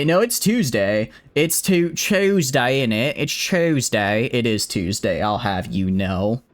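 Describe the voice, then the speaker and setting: A man streaming a strategy game live, chatting casually with his viewers, rambling and poking fun at himself as he greets people in chat by name. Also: mid-range voice. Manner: rambling, self-deprecating, frequent restarts and fillers.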